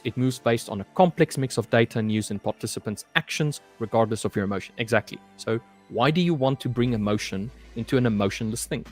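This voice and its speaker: Man hosting a trading live stream. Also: mid-range voice. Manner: reads viewer comments aloud and chats loosely, saying "mate" often. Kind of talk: casual live-stream chat with viewers.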